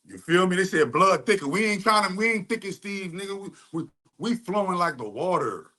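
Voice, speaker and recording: A man's voice: high voice, lively intonation, a little fast, bright, forceful tone. A young adult man giving heated, rambling commentary full of profane street slang. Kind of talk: ranting commentary.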